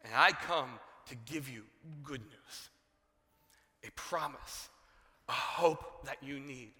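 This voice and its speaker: A man's voice: mid-range voice, slow pace, sharp tone, in a large hall. A preacher voicing a reassuring, commanding male angel messenger within a sermon. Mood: solemn.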